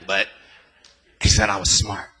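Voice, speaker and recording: A man's voice: sits low, level tone, unhurried, bright, forceful tone. A man from the Bay Area giving a dramatic, emotional personal testimony in a sermon, using plain street slang. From San Francisco Bay Area.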